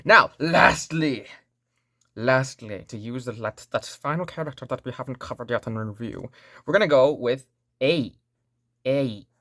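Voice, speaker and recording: A woman's voice: extremely low pitch, no echo, clean studio sound. A woman teaching a language lesson online in a playful, joking way, repeating sounds for learners to say back.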